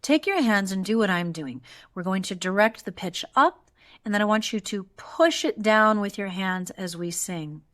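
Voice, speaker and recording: Calm woman guiding vocal exercises. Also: medium pitch, moderate pace. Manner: calm, encouraging, demonstrates sighs and yawns. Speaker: voice teacher. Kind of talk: guided vocal exercise instruction.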